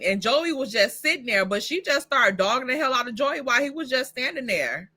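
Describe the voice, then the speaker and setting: A woman reviewing a TV show, recapping it in a blunt, profane, animated way. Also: sits high, moderate pace. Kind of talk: casual TV recap commentary.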